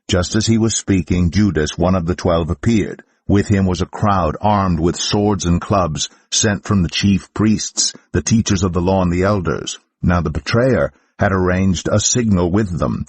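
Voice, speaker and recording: A man narrating scripture aloud for a church in a steady, measured way. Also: deep voice, breathy edge, no echo. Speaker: Bible reader. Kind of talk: scripture reading.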